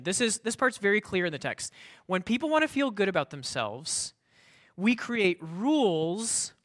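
Guy preaching, high bright voice, chatty and full of restarts. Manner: conversational, many fillers and restarts; mocking voice for the proud scribes. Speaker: pastor. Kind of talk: sermon.

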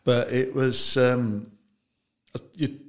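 A man's voice: mid-range voice, steady tone, extremely slow. A man talking casually about his gin brand in an interview, chatty and loose, often trailing off mid-sentence. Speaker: gin brand founder, guest.

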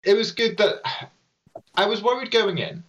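A man's voice: high-pitched, moderate pace, a bit bright, poor audio. A man in a casual podcast chat who rambles and keeps hedging with "sort of".

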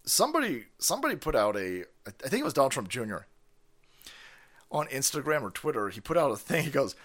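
A man hosting a livestream, ranting casually in a profane, animated way and often breaking into laughter. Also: medium pitch, fairly quick. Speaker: livestream host.

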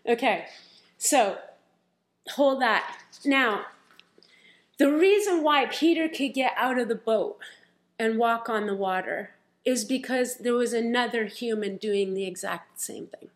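Lively storytelling woman preacher. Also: a little high, a little slow, pauses often. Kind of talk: sermon.

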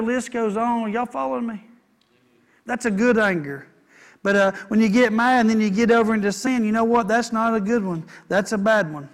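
A pastor preaches a sermon in a high-pitched, fairly bright voice. His style is folksy, and he repeats lines and calls on the congregation for amens.

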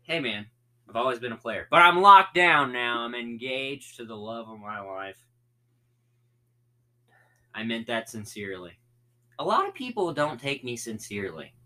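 A man's voice: mid-range voice, very animated, moderate pace, long pauses, sharp tone. A young man co-hosting a casual podcast, joking and rambling, often repeating words. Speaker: co-host. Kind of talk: casual chat.

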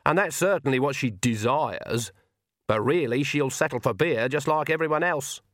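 A man reading an audiobook and voicing a stern, shrewd old witch woman who speaks in a dry, calm, cutting way. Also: medium pitch, normal speed, no echo, natural voice.

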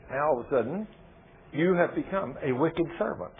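A man's voice: fairly high pitch, a little fast. A man preaching a sermon, firing rhetorical questions at his listeners and retelling scripture with quoted dialogue. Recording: tinny phone-like radio broadcast.

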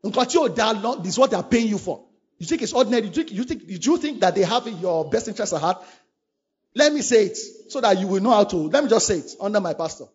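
A man delivers a sermon in a very high, husky voice. He preaches fervently and repeats his key lines again and again. The recording sounds dull and lo-fi. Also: expressive, fast, darkish tone. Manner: fervent, repetitive exhortation.

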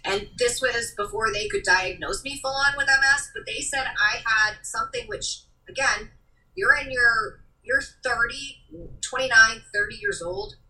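An earnest, animated woman hosting a casual talk, her voice very bright with a tense edge. Her pitch swings widely as she speaks in rushes. She sits a little distant from the microphone. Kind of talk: casual podcast conversation. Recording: voice a bit distant from the mic.

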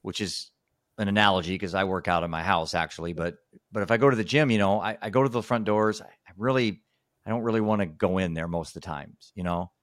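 A man's voice: sits low, fast, dry recording, clean studio sound. A man hosting a podcast, talking casually and rambling with many restarts. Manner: rambling, frequent restarts and "you know". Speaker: podcast host and speaker. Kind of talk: casual conversation.

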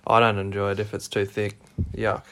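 An Australian podcast co-host chatting casually, relaxed with dry asides. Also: low-pitched, normal speed. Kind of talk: casual chat.

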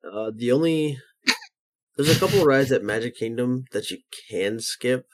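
Young man, mid-pitched voice, earnest casual chat, lots of uh and like. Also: expressive, moderate pace. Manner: earnest, explains at length with many fillers. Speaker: podcast co-host.

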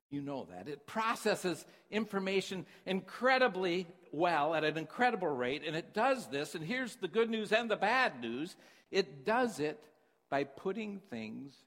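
A man preaching a sermon, telling a story in an animated, conversational way. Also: fairly high pitch. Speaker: pastor. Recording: long reverb in a big hall.

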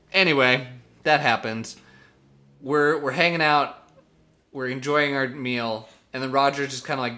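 Bright-voiced joking male podcast host. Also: medium pitch. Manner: joking, laughs often, acts out scenes. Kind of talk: casual chat recapping a reality show.

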